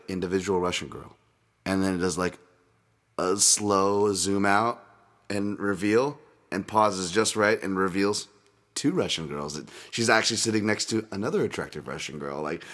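A man's voice: fairly low pitch, fairly bright tone. A man hosting a podcast in a casual, rambling way, swearing often and wandering off on tangents. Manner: rambling, profane, goes off on tangents. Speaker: podcast host.

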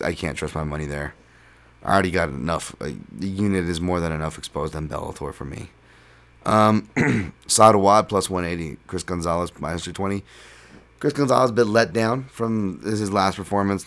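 Low-voiced man hosting a podcast. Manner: relaxed, rambling, filler-heavy. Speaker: podcast host. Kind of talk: casual solo podcast talk.

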